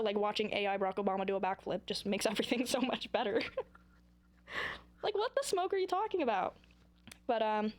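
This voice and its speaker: Young female vlogger, a bit high-pitched, rambling and silly to camera. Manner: rambling, goofy, self-mocking. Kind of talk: casual chat to camera.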